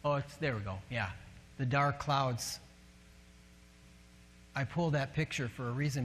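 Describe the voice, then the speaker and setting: A man's voice: mid-range voice, a little hiss or hum. A man with a northern US accent, a pastor preaching a sermon and telling a personal story with light self-mocking humor. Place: church sanctuary. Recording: long reverb of a large church hall.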